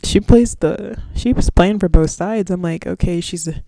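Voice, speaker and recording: A woman's voice: lowish voice, moderate pace, gravelly, mellow, no room sound. A woman in her twenties hosting a podcast solo, rambling in casual slang and swearing freely. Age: 20s. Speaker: podcast host.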